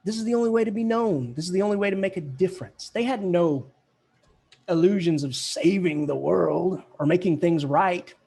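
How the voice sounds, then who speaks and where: A man teaching a college English class, lively and casual, chanting poetic rhythms aloud to show the beat. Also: high-pitched, normal speed, vocal fry, breathy edge. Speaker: English professor. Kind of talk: classroom lecture.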